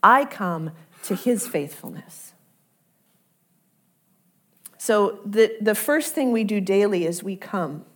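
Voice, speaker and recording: A woman pastor preaching a sermon in a conversational, earnest way, dropping softly to a near-whisper when she repeats the invitation. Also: mid-range voice, expressive, takes it slowly, pauses often.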